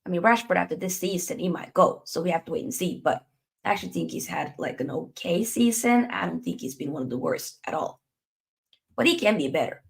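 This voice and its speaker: A woman hosting a live football chat stream, reading viewer comments and reacting in a chatty, animated way. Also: lowish voice, brisk, creaky. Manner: animated, chatty, with playful put-on voices.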